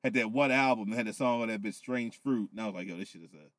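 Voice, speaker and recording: A man's voice: fairly low pitch, fast, no echo. Loose, profane man recapping wrestling. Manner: loose, profane, animated storytelling. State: tipsy from whiskey. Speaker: podcast co-host. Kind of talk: casual wrestling recap chat.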